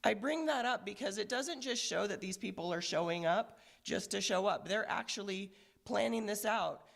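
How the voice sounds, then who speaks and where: Hoarse, gravelly-voiced woman police commander, earnest press briefing, halting with fillers. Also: mid-range voice. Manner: measured, earnest, with frequent fillers. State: hoarse, recovering from illness. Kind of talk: press conference statement.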